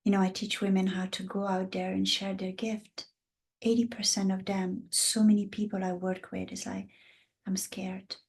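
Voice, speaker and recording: A woman's voice: mid-range voice, level tone, normal speed, gravelly. A woman in her fifties with an Italian accent, a guest and women's coach talking passionately in a casual interview. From Italy. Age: 50s. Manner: passionate, acts out the voices of the women she describes.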